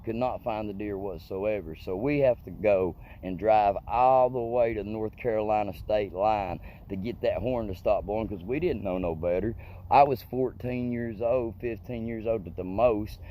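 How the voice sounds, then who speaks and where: A man's voice: on the low side, moderate pace, muffled recording. A man telling a story in a rambling, profane, colloquial way. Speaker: comedic storyteller. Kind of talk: casual storytelling monologue.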